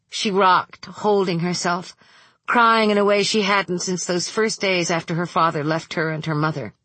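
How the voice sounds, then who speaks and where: A woman narrating a novel aloud in a measured, steady reading voice. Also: on the low side, no echo. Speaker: audiobook narrator. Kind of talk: scripted narration.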